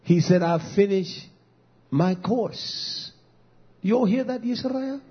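A man preaching a sermon with emphatic repetition, swinging between quiet low passages and raised calls. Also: takes it slowly, husky. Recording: dull lo-fi recording.

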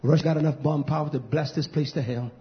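A man preaching an impassioned sermon, swinging between low mutters and shouted outbursts, drawing out and repeating words for emphasis. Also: fairly even intonation, fast. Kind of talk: fiery sermon. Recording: dull lo-fi recording.

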